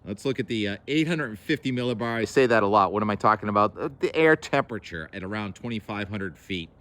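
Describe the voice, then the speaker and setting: A man's voice: on the low side, animated, fast talker, sharp tone. A man hosting a casual weather talk, rambling and correcting himself as he goes. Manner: chatty, rambling, self-correcting asides. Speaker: weather show host.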